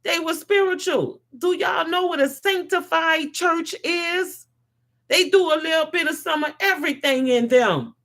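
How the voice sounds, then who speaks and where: A woman giving an impassioned spiritual monologue to a live audience, swinging from loud to soft. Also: extremely high pitch, unhurried. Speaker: host.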